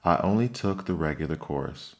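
A man's voice: rumbling low, animated, moderate pace, a little mellow. A man doing the Mock Turtle, a sighing, mournful creature. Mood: anxious. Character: melancholy sobbing male Mock Turtle, sighing. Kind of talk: audiobook character reading.

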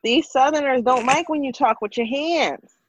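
Animated woman telling stories over a muffled line. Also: high voice, normal speed, breathy edge. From Connecticut. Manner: animated storyteller, acts out quoted voices. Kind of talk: casual chat.

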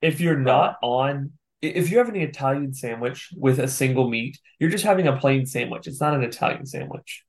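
A man's voice: mid-range voice, animated, a little fast. A man co-hosting a podcast, chatting casually in a laid-back way with dry comments. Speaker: podcast co-host. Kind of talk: casual chat.

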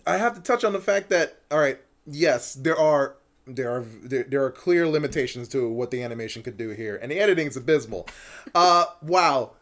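A man co-hosting a casual review chat, animated, swearing casually and laughing often. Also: medium pitch, fairly quick. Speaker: co-host reviewing a film.

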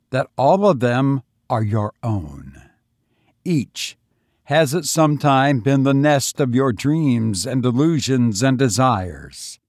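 A man voicing a calm, gentle male Bodhisattva who speaks in a reassuring way. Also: mid-range voice, no room sound, studio quality.

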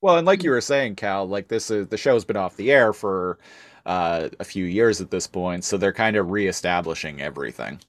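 Man for casual podcast talk, low and dry, halting delivery. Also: lively intonation, no room sound. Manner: hesitant, many fillers and restarts, laughs often. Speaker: podcast co-host. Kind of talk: casual chat.

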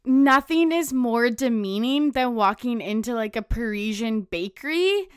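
A woman's voice: a little high, animated, a little slow, clear, resonant tone, no echo, clean studio sound. A young adult woman hosting a podcast in casual chat, laughing often and swearing freely. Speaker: podcast host.

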